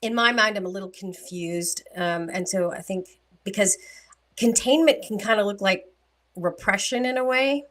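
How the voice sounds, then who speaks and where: A woman's voice: mid-range voice, moderate pace, fairly bright tone. Thoughtful woman co-host. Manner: thoughtful, asks clarifying questions. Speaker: podcast co-host. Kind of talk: casual relationship coaching talk.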